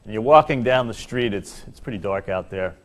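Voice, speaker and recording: A middle-aged man gives a comic speech to a large employee audience, telling stories with animated, self-mocking delivery and dramatic pauses. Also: lowish voice. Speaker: corporate speaker at an employee seminar. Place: large hall before an audience.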